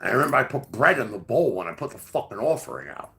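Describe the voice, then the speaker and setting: Male podcast host, forceful and animated, rambling casual storyteller. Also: mid-range voice, fast, gravelly. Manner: profane, rambling, full of fillers.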